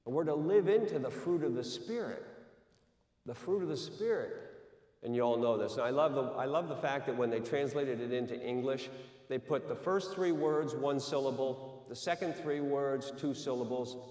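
A man preaching in a relaxed, conversational way, often restarting his sentences and dropping in small asides. His voice is of middling pitch and carries a long reverb, as if picked up from some distance across a big church hall. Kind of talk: sermon. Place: church sanctuary. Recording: echoey hall, mic from far off.

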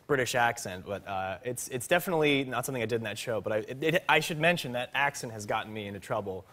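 A man who is an actor, a guest on a late-night talk show, telling an anecdote in a lively, self-mocking way. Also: mid-range voice, fast talker.

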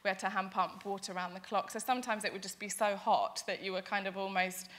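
Young woman, interview guest, bright voice, earnest and eager delivery full of fillers. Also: mid-range voice, fairly even intonation, fast. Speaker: interview guest, charity founder. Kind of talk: conversational interview storytelling.

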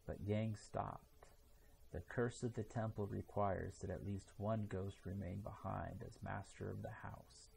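Slow gravelly man reading a storybook. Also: on the low side, fairly even intonation, a little mellow, slight background noise. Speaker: storybook reader. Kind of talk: reading a children's storybook aloud.

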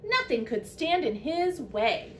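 Animated woman reading a picture book. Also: high voice, takes it slowly, slight background noise. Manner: warm, expressive storytelling. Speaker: teacher reading to children. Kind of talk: children's picture-book read-aloud.

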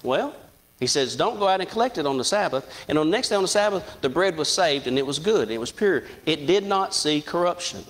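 A man's voice: on the high side, animated, brisk. A middle-aged man preaching a sermon, telling folksy stories with lots of repetition. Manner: storytelling, repeats himself, folksy.

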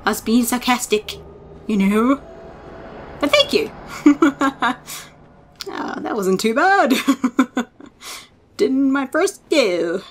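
A woman hosting a let's play, excitable and swearing, often laughing as she plays. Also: on the high side, very slow, pauses often, a little hiss or hum. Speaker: gaming let's-play host. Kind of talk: casual game commentary.

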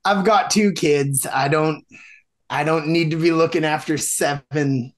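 A man's voice: on the high side, measured pace. A man, a podcast guest, telling a long dating story in a casual, rambling way with many fillers and restarts.

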